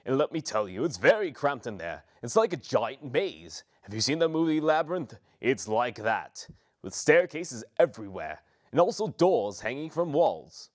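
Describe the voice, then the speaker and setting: A man's voice: medium pitch, big pitch swings, normal speed, voice pushed up. A young man voicing a cranky, sarcastic ancient male spirit in a comedy parody, complaining in a whiny voice.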